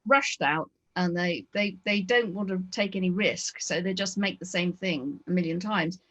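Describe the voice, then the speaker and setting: A woman's voice: fairly low pitch, normal speed, a bit bright. A woman interviewing a guest, speaking hesitantly with many fillers and restarts. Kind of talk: conversational interview.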